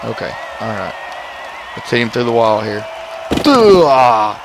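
A young man giving excitable let's-play commentary, yelling and groaning at the game. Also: on the low side, normal speed, gravelly. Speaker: gaming YouTuber. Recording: game music and crowd noise behind.

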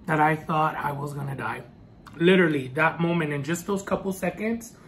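A man vlogging a personal storytime as he eats, earnest and halting, with many restarts. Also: a little high, slight background noise. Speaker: food vlogger. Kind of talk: storytime while eating.

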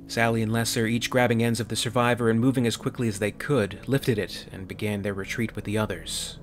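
Brief: male narrator, low voice, measured dramatic reading. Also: fairly even intonation, soft background music. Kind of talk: sci-fi story narration.

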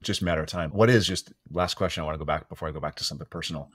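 Brief: very low-voiced male host, rapid questions, dry close sound. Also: breathy edge, no echo. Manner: quick, friendly questioning. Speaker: podcast host. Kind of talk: casual interview conversation.

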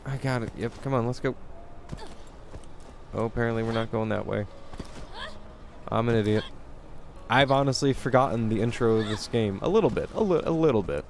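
A man's voice: medium pitch, moderate pace, pauses often, a little mellow, a little hiss or hum. A young man streaming a video game, chatting casually and poking fun at himself. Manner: chatty, self-deprecating. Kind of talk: casual let's-play commentary.

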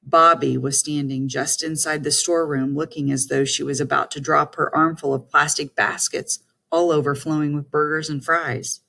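A woman's voice: deep voice, normal speed, gravelly. A woman narrating a first-person story as an audiobook, reading in a storytelling manner. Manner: first-person storytelling, lively voiced dialogue.

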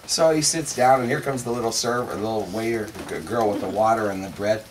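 A man's voice: fairly low pitch, fast talker. Man telling a joke from across a room. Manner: animated, building to a punchline. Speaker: joke teller. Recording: distant mic with ambient noise.

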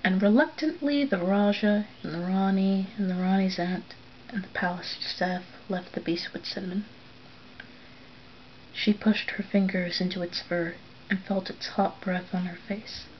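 A woman reading a story aloud, softly and often near a whisper. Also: mid-range voice, unhurried, dull audio, a little hiss or hum. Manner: soft, often drops to a whisper for narration.

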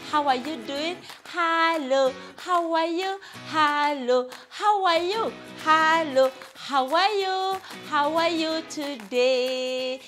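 A woman's voice: high voice, a bit bright, soft background music. A woman teaching young children, singing a phonics lesson with a playful sing-song delivery. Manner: sing-song, slow and drawn-out, playful sound effects.

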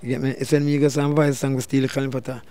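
Animated Jamaican man telling stories. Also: mid-range voice, racing. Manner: animated, loud bursts when acting out quotes. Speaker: dancehall deejay guest. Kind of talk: storytelling interview.

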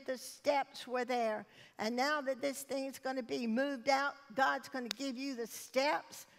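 Woman preaching slow and steady, kinda high voice, long church echo. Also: gravelly. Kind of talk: sermon. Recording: long hall reverb.

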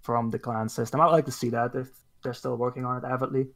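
A man's voice: mid-range voice, steady tone, quick pace, creaky, fairly bright tone. A man guesting on a casual gaming podcast, easygoing and agreeable. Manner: easygoing, agreeable, lots of "mm-hmm" replies.

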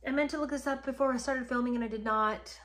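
A woman's voice: sits high, fairly even intonation, fast, fairly bright tone. A woman casually retelling a history story to the camera, speaking straight to her viewers in an indignant, emphatic way. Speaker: history commentator.

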